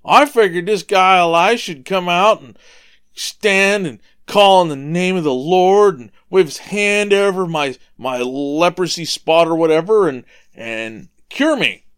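A man's voice: high-pitched, unhurried, fairly bright tone, clean tone, voice pushed up. A man doing a proud, offended army captain. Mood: indignant.

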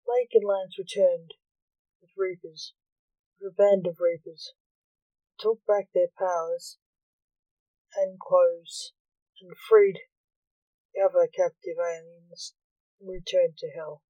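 A woman reading a short story aloud in a plain, unhurried storytelling manner. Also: fairly low pitch, steady tone, mellow, no echo, muffled recording. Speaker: narrator.

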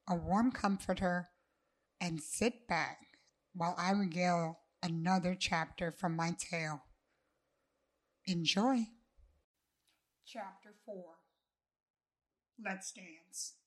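Woman reading her own book out loud, laid back and inviting, first person story. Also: lowish voice.

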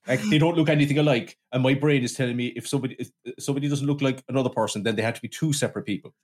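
Casting: male podcast co-host, mid-pitch, sweary comic ranter who riffs through mocking voices. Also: fairly even intonation, rapid-fire, hardly any pauses, darkish tone. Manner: sweary, riffing, mimics voices in quotes. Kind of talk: casual film review chat.

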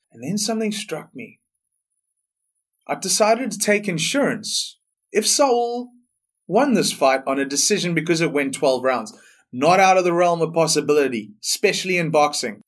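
A young man hosting a solo sports podcast, blunt, profane and opinionated. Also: fairly high pitch. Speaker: podcast host.

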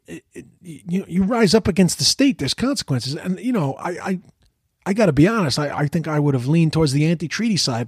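A man's voice: a little high, a little mellow, breathy edge, dry recording, studio quality. A man giving heated, profane political commentary in a casual rant, often stumbling and repeating words.

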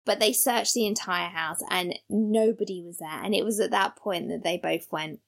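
A woman with a gravelly edge to her voice tells a spooky tale to a friend. She speaks casually and with animation, laughing now and then and acting out the people in her story. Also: mid-range voice, moderate pace, hardly any pauses. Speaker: podcast co-host.

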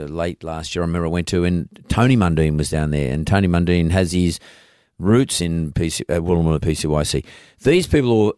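A middle-aged Australian man hosts a podcast in a casual interview chat, his voice low with a darkish tone. He's emphatic and folksy, often repeating himself to make a point. The recording is dry and of studio quality.

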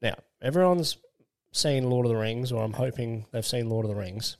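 A man, chatting as a podcast co-host. He tells stories in a crude, rambling way, with laughs breaking in. His pitch sits in the middle. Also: normal speed, a little mellow. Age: late 20s. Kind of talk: casual storytelling chat.

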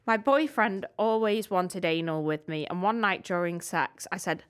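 A woman's voice: lowish voice, moderate pace, smooth. A woman co-hosting a podcast in casual chat, cheeky and giggly, reading out listener stories. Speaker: podcast co-host.

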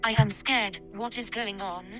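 A synthetic woman's text-to-speech voice reading typed comments into a movie commentary, with a flat, robotic delivery. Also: medium pitch, a little slow, faint music behind. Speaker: text-to-speech voice used by a participant.

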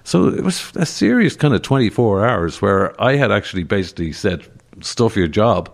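A man's voice: on the low side, big pitch swings, fairly quick, gravelly. An older man, a radio presenter, telling chatty anecdotes as a podcast guest. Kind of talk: conversational podcast interview.

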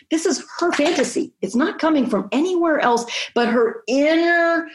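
Frank, expressive woman in an echoey room. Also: sits high, normal speed, hardly any pauses. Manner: frank, expressive, emphatic with vivid asides. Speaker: sex therapist guest. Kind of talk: candid conversational interview talk.

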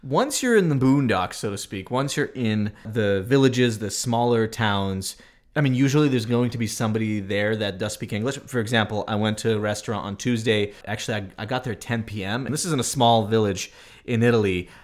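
A man co-hosting a podcast, a native Russian speaker telling a travel story in a relaxed, casual way with many fillers. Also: lowish voice, brisk. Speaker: podcast co-host.

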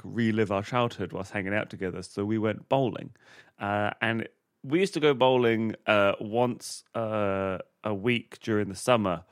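Co-host, male, lowish voice, rambling anecdotes, dry close mic. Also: no echo. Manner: rambling storytelling with many uhs. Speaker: podcast game show host and comedian. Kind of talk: casual comedy podcast chat.

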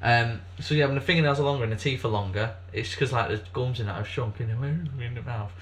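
A man's voice: medium pitch, fast talker, fairly bright tone. A man co-hosting a casual comedy podcast, rambling through facts with lots of fillers and swearing. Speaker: podcast co-host.

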